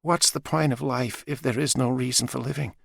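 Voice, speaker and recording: A calm female robot voiced by a man who speaks in a raised, measured register and weighs each word slowly. Her manner is philosophical and weary. She is heard in a dry, close studio recording. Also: mid-range voice, gravelly, slightly rough, dry recording, pitched above the performer's own voice. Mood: weary, resigned. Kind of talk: audiobook character voice.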